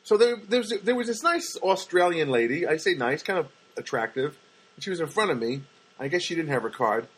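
A man's voice: on the high side, animated, a little fast, fairly bright tone, husky, low-quality recording. A man hosting a podcast, telling rambling stories in a casual monologue and acting out the people in them. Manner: rambling storyteller, acts out quoted people. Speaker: podcast host. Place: Los Angeles.

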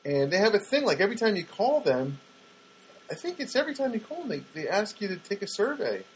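A man rambling through everyday stories in a chatty, excitable monologue, often repeating himself and acting out other people's voices. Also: high voice, fairly quick, slightly rough, rough recording.

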